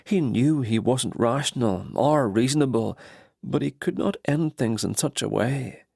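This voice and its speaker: A man narrating an audiobook with steady, even delivery. His voice is gravelly at a middling pitch. The recording is dry and close. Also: unhurried, no echo. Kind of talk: scripted narration.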